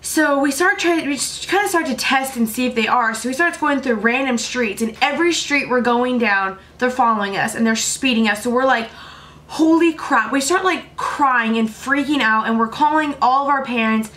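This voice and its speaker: A woman's voice: sits high, moderate pace, few pauses, a bit bright. Tired young woman rambling through a story. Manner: chatty, rambling, many "like" fillers. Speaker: vlogger. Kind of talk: casual storytelling to camera.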